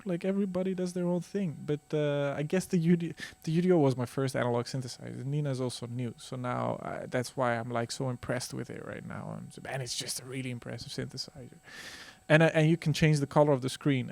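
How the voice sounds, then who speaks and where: A man's voice: on the high side, vocal fry, darkish tone, dry recording. A man vlogging in casual chat, enthusiastic and rambling with many fillers. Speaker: synth vlogger.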